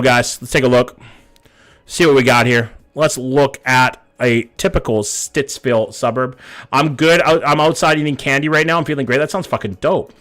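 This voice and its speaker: A man's voice: mid-range voice, fairly bright tone. A man, casually chatting and swearing as he reacts to viewers' hometowns live. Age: 30s. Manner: casual, profane, reads chat aloud. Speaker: live streamer. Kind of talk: live stream reaction chat.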